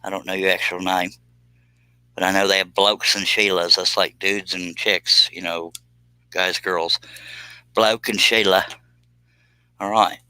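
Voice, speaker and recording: A man's voice: low voice, little pitch movement, normal speed, sharp tone, clear, resonant tone, no room sound, rough recording. A man, casually chatting and joking with viewers on a live stream while doing scroll saw work in his workshop.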